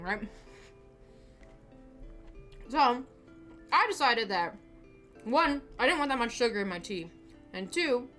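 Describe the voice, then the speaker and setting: A woman whose voice sits on the high side and sounds a bit bright is hosting a casual livestream in a small home studio. She rambles along with frequent restarts and laughs, recorded on a desk camera mic.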